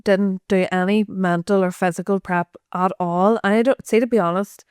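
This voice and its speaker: Frank woman, smooth dry voice. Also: mid-range voice, steady tone, moderate pace, no echo. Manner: frank and chatty, swears freely, laughs often. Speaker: podcast guest, social media creator. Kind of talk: candid casual chat.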